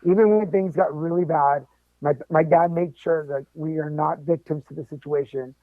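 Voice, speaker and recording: A man with a high voice tells a personal story as a podcast guest, animated and quick to joke. The sound is thin and phone-like, with a dry, close feel. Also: no echo. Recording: tinny phone-like line, dry.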